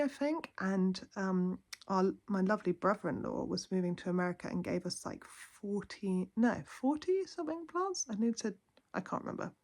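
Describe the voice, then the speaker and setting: A woman chatting softly to camera in her lounge at night, heartfelt and rambling. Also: mid-range voice, gravelly. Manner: soft-spoken, heartfelt, rambling. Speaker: vlogger. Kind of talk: casual chat to camera.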